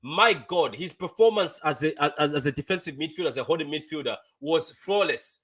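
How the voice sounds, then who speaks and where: Man, young adult, fan stream host, casual reaction chat, bright tense tone, fairly high voice. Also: animated, a little fast, slightly rough. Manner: chatty, repeats phrases, laughs often, reads comments aloud.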